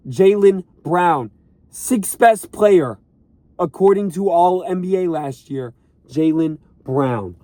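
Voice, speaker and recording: A young man vents from the driver's seat of a car, his voice pitched fairly high but mellow in tone. He talks slowly, drags out key words and circles back to repeat them with exasperated emphasis. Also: dry recording. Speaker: vlogger and sports fan. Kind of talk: ranting to camera. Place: inside a parked car.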